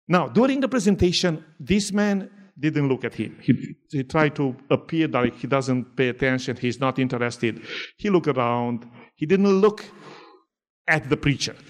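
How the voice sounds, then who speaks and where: Man telling a sermon story with a raised voice. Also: fairly high pitch. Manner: deliberate, repeats words for emphasis. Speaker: preacher.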